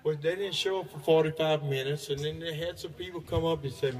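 A man's voice: a little high, fairly quick, hardly any pauses. Bawdy man telling jokes to a crowd. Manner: bawdy, drawling, laughing at his own jokes. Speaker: joke teller. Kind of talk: crude stand-up joke telling. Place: outdoor party. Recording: distant voice over chatty party crowd.

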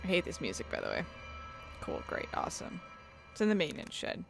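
A woman's voice: fairly low pitch, wildly swooping pitch, very fast, vocal fry, over music. A woman hosting her gaming channel, chatting casually as she plays and sometimes swearing at the game. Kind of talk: let's play commentary.

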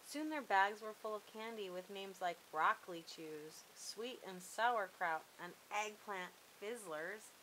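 Storyteller woman, bright, expressive read-aloud, mid pitch. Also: measured pace, few pauses, a little hiss or hum, low-quality recording.

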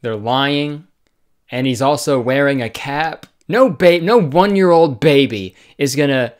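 A man's voice: medium pitch, measured pace. A man in his twenties doing a sarcastic comedic commentary vlog, often jumping into silly voices, recorded close to the mic. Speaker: YouTube comedian.

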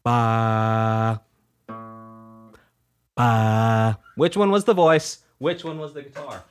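A man's voice: a little high, moderate pace. A man teaching music in a live question-and-answer lesson, talking energetically, repeating himself and telling stories. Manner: energetic, repeats phrases, animated storytelling.

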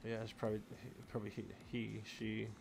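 A man's voice: on the low side, completely flat delivery, a little fast, vocal fry, over music. Rambling, profane male game streamer. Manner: rambling, profane, talking to chat while playing. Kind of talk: casual live-stream chat.

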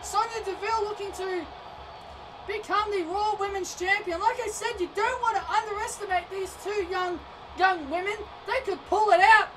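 A woman doing excitable play-by-play wrestling commentary over a video game, often shouting and tripping over her words. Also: very high-pitched, moderate pace. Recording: distant mic with noisy background.

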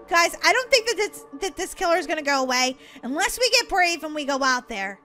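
A woman's voice: high voice, sing-song, brisk, hardly any pauses, sharp tone, faint music behind. A woman role-playing in a game, talking dramatically, squealing and gasping, swinging from panic to jokes. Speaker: gamer playing as a character in a roleplay. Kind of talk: excitable game role-play chat.

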